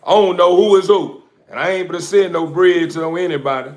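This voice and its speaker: A man's voice: sits high, brisk, darkish tone. A man who breeds dogs, chatting loosely to viewers on a livestream, full of slang and fillers. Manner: loose, rambling slang-heavy talk with many fillers. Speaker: dog breeder. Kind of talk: casual livestream chat.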